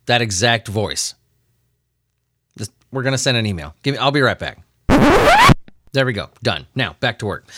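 Male podcast host, lively pitch, dry close sound, jokey news riffing, frequent laughs. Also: dry recording. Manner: joking, laughs often, puts on silly voices. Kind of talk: comedic news commentary.

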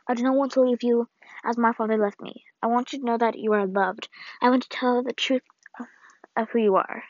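A woman reading the farewell letter of an old, ailing grandmother in a solemn, measured way, on a dull, lo-fi recording. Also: fairly high pitch, darkish tone, no echo, natural voice. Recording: dull, lo-fi dry read.

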